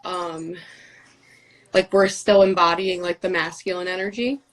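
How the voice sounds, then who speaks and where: A woman guest on a casual live chat, talking haltingly with many fillers. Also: lowish voice, fairly even intonation, low-quality recording.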